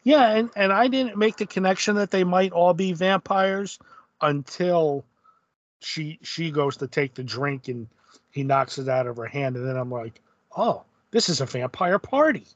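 A man co-hosting a casual comic book podcast, speaking in a thoughtful, measured way. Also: on the high side, fairly even intonation, dry recording. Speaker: podcast co-host. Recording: dull lo-fi sound.

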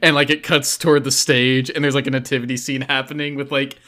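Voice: medium pitch, little pitch movement, fast talker, fairly bright tone. A game master narrating a comic tabletop game scene, chatty and laughing often, with lots of fillers.

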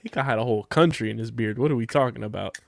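A man's voice: medium pitch, rapid-fire, vocal fry, no room sound. A young man hosting a podcast, tossing in dry quips during casual chat and then running through the sign-off plugs. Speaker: podcast host. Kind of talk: casual chat and show outro.

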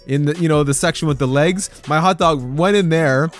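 A man's voice: a little high, a little fast, soft background music. Chatty man hosting a devotional podcast. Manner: chatty, laughing storyteller. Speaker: podcast host.

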